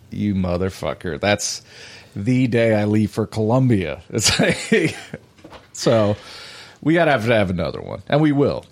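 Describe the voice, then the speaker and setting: Brief: male host, low voice with lively swings in pitch, loose casual talk. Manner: loose, laughing, swears casually. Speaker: podcast host. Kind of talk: casual chat.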